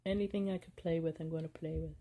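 A woman's voice: deep voice, steady tone, quick pace, mellow. A woman voicing the thoughts of her playful, bored male house cat, in a teasing, chatty way. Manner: teasing, chatty inner-voice narration.

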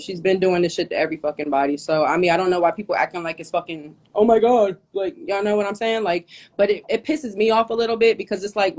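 A woman hosting a live stream, ranting angrily and profanely at a rival, hot and sweating as she talks into her phone. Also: medium pitch. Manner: angry, profane, confrontational. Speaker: livestream host. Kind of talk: heated livestream rant.

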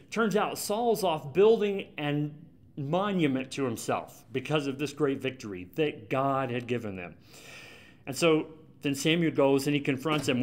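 A man preaching a sermon as pastor in a church, conversational and emphatic, repeating his key points. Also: on the high side. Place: church sanctuary.

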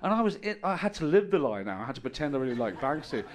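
A middle-aged man doing a stand-up set on stage, telling stories deadpan with bursts of loud exasperation. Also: on the high side, quick pace. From Ireland. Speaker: stand-up comedian. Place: comedy stage with audience.

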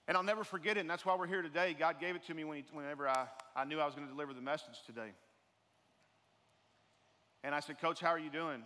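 A man's voice: on the high side, fairly even intonation, quick pace, long pauses, pushed and bright. A man giving an earnest sermon as a guest speaker in a church, building to emphatic preaching. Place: church sanctuary. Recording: reverberant hall.

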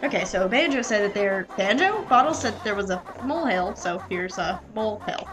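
A young adult woman giving chatty, excitable gameplay commentary and talking back to the game characters. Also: medium pitch, brisk, rough recording. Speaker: let's play gamer. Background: game music.

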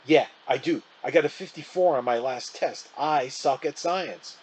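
A man's voice: medium pitch, normal speed, darkish tone, a little hiss or hum, voice pushed up, natural voice, low-quality recording. A man reading as grumbling offhand boy. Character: boy Jack, reluctant and offhand kid.

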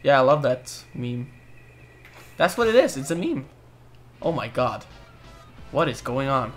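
A young man casually commentating a co-op platform game, excitable, cursing often and bursting into loud laughter. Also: mid-range voice, measured pace, faint music behind. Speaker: gaming video host. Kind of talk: casual let's-play commentary.

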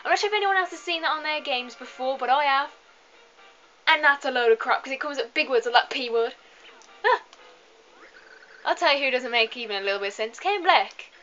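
A woman's voice: sits high, animated, a little fast, pauses often, sharp tone. A young woman, tired, chatting casually through a game video and joking at her own stumbles over hard words. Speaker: let's play host. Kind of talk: casual gameplay commentary. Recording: slightly dull lo-fi recording.

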